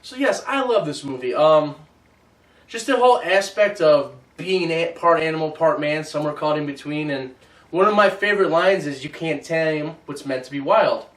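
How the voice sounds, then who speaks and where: A man hosting a casual movie review chat, animated and teasing. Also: fairly high pitch, normal speed. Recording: roomy echo, mic at a distance.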